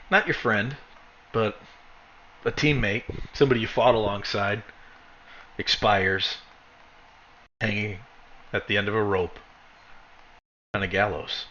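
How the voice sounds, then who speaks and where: Male DM, bright and animated, loose and laughing, dull lo-fi audio. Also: lowish voice. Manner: laughs often, loose and chatty. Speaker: dungeon master. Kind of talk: narrating a tabletop game.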